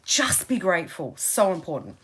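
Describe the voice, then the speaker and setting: Woman, motivational coach, lively sing-song delivery, repeats for emphasis, webcam at home. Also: on the low side, normal speed, a little hiss or hum. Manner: emphatic and chatty, repeats phrases for stress. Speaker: success coach. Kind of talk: motivational Facebook Live talk.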